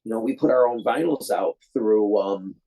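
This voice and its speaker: A guest filmmaker from Detroit, USA, tells a long, casual story in a loose, rambling way, full of fillers and restarts, acting out the voices of the people in it. His voice sits on the low side and is mellow, with a moderate pace. The audio is poor, with slight background noise.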